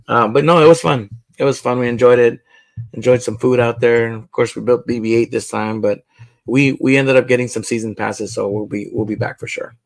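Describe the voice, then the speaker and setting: A man's voice: medium pitch, steady tone, fairly quick, vocal fry, dry recording. A man hosting a casual livestream while he builds, chatting loosely with viewers and a guest. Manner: laid-back, chatty, talks to viewers. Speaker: livestream host.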